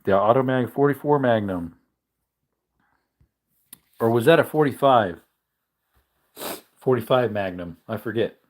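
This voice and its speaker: Here a livestream host talks at a measured pace in a mid-range voice, pausing often. His chat is loose and rambling, full of self-corrections, and he comes across as relaxed but tired, with yawns.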